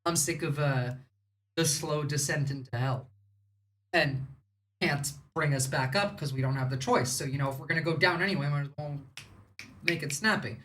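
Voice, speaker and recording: A woman from the United States riffs through casual political commentary on her livestream, blunt and sarcastic. Her voice sits low for a woman but has a bright, forceful edge, and she rambles from point to point. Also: moderate pace. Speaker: livestream host.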